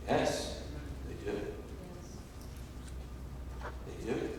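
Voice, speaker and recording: A man preaching a sermon as a pastor, telling a story and rising to loud, emphatic peaks. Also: mid-range voice, normal speed, noisy background. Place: large church sanctuary. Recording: echoey hall, distant mic.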